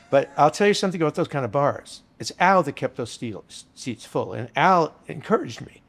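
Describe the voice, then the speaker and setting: Gravelly older man telling rambling stories. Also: medium pitch, lively intonation, fairly quick, hardly any pauses. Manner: rambling anecdotal storyteller, casual and earthy. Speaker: bartender guest. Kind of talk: storytelling interview chat.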